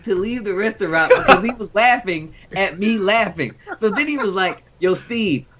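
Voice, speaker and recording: A man on a casual podcast, talking excitedly and laughing through his words. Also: high voice, normal speed.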